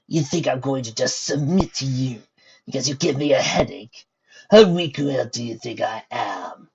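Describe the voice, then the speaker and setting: A man's voice: mid-range voice, normal speed, gravelly, noisy background, close to an everyday voice. A man voicing a sneering pony warlord. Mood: mocking. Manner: mocking, coy sneer. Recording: dull lo-fi recording.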